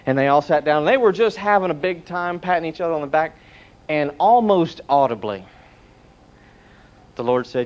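Preaching a sermon, a middle-aged man tells stories with animation and acts out the voices he quotes. His voice is a little high, his speed normal, and he takes long pauses.

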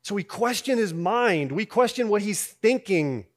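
A man giving a sermon as pastor, in a conversational way, dropping soft on key lines and rising when he voices people's doubts. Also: high-pitched, animated, unhurried.

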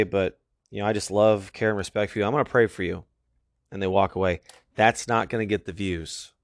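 Earnest low-voiced man preaching. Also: no room sound, clean studio sound. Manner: earnest, emphatic, reads verses aloud. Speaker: youth pastor. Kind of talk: sermon with scripture reading.

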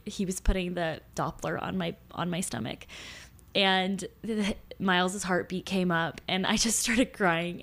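A young adult woman co-hosting a relaxed podcast conversation. She tells personal stories in an earnest, heartfelt way, at an everyday middle pitch. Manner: warm, earnest storytelling. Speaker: podcast co-host. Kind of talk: casual chat.

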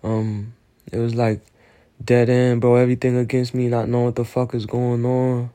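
A man rambles through a personal monologue, loose and full of slang. He sounds close to tears, and his voice is mellow and dark. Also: medium pitch, monotone, moderate pace, clear, resonant tone. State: on the verge of tears. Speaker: solo show host.

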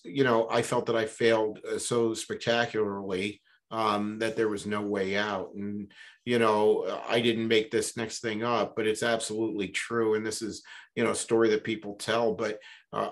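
A man who is a guest on an interview, a business coach talking in a relaxed, reflective way and telling stories with lots of "you know". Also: on the low side. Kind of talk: conversational storytelling.

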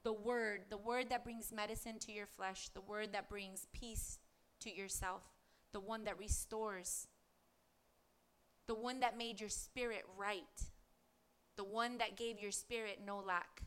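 A woman's voice: mid-range voice, fairly even intonation, a little slow, fairly bright tone, smooth. A woman preaching a podcast sermon, reading scripture aloud and asking earnest rhetorical questions.

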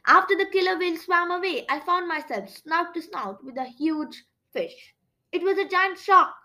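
A woman reads a children's chapter book aloud in a high, bright voice. Her telling is playful and expressive, with pitch swooping freely through each sentence. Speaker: storybook narrator.

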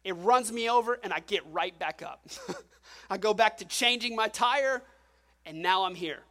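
A male pastor delivers a sermon in a church sanctuary. He preaches in an animated, storytelling way, often turning to the congregation with questions. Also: high-pitched, measured pace.

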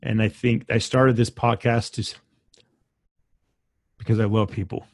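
A man hosting a podcast, speaking with heartfelt emotion and pausing often, as if searching for words. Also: fairly low pitch, flat delivery, dry recording, studio quality. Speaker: podcast host. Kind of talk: casual conversation.

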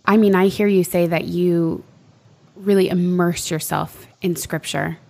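A woman's voice: on the low side, fairly even intonation, a little slow, gravelly, a little mellow. A woman interviewing her guest, responding encouragingly and asking follow-up questions. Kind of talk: conversational interview.

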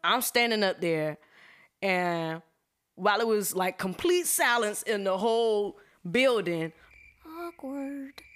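A woman sharing a church testimony in a lively, conversational way. Her voice sits a little low, and she acts out her reactions as she goes. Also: clear, resonant tone. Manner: animated, colloquial, expressive storytelling. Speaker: church member giving a testimony. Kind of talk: personal testimony storytelling.

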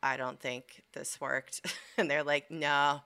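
A young woman chatting casually as a podcast co-host, telling a story in an animated way, swearing freely and acting out what people said. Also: low-pitched, takes it slowly, clean tone. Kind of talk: casual chat.

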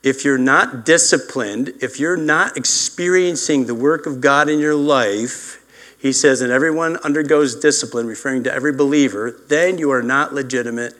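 A man's voice: medium pitch, fairly bright tone. An older man preaching a sermon as pastor, mixing personal stories with scripture and acting out voices in quotes. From upstate New York. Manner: storytelling, acts out voices in quotes.

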